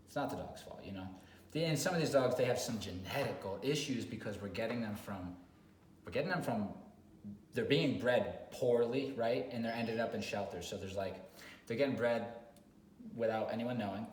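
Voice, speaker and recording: Blunt, animated dog trainer man. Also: lowish voice, brisk. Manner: animated, acts out dog owners loudly; blunt, swears. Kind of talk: casual video chat. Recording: echoey room with faint noise.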